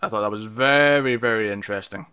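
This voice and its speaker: Bright-voiced man chatting about TV. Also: lowish voice, quick pace, smooth. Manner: chatty, frequent fillers and restarts. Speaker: podcast co-host. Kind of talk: casual TV review discussion.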